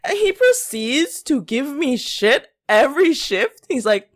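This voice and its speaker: A woman's voice: sits high, big pitch swings, a little slow. A young woman co-hosting a casual podcast, telling stories full of "like" and acting out what other people said. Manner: chatty storyteller, lots of "like", acts out quotes, laughs often. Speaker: podcast co-host.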